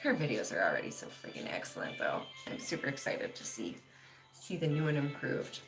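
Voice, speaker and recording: A woman's voice: deep voice, huge pitch swings, fairly quick, creaky, music in the background. A woman hosting a casual livestream, chatting loosely with lots of "like" and laughing often as she reads viewer comments. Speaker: livestream host.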